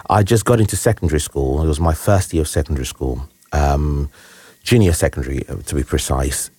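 A man, a guest telling a personal story in an earnest, halting, reflective way. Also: low voice, darkish tone, no room sound. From Nigeria. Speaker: interview guest.

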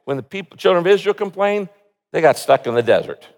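A man with a fairly high voice delivers an earnest sermon, reading prayers and scripture with swelling emphasis. His voice carries a long reverb, as if filling a large church hall. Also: sing-song, fast, a little mellow. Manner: earnest preaching, reads scripture with rising emotional emphasis. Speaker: pastor.

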